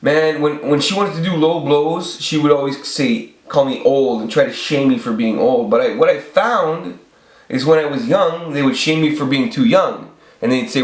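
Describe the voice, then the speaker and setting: A channel host in his forties rants with a fairly high-pitched voice at a moderate pace. He rambles, curses, and restarts frequently, recorded in an echoey room.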